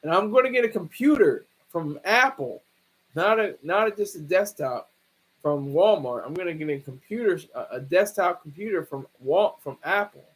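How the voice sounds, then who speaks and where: A man hosting a livestream, talking through a case in a rambling, halting way with many restarts. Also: high voice, expressive, slightly rough, rough recording. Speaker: livestream host. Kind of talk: casual livestream commentary.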